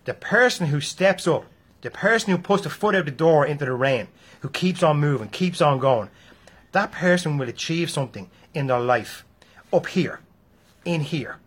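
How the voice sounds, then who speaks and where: A man with an Irish accent delivers a motivational monologue in a husky voice. He talks bluntly and profanely and hectors his listeners. His voice sits a little higher than most men's. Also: lively intonation, moderate pace. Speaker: motivational speaker.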